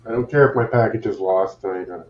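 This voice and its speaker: Low-voiced man with dull lo-fi sound. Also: fairly quick, reverberant. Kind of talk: casual chat on a livestream. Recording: dull lo-fi sound with faint hiss.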